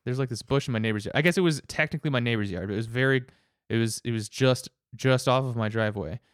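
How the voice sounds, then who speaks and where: A man's voice: mid-range voice, fast, no room sound, clean studio sound. A man telling a rambling story in casual chat, with many restarts and frequent laughs.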